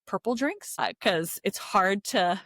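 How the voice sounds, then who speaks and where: A woman's voice: mid-range voice, unhurried, no echo, clean studio sound. A woman from Philadelphia with a Philadelphia accent, co-hosting a casual chat about cocktails. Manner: chatty and animated, filler-heavy. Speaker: podcast co-host.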